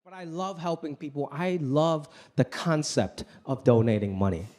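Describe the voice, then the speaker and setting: A man doing a stand-up comedy set in a club, talking in an animated way and acting out other people's voices. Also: on the high side, moderate pace, some chatter behind. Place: comedy club stage before a live audience. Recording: live club recording with loud audience laughter. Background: audience laughter.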